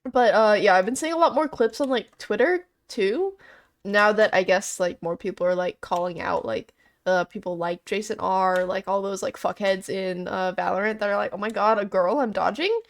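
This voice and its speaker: A young woman co-hosting a casual podcast while gaming, sarcastic and quick to swear. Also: medium pitch. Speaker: podcast co-host.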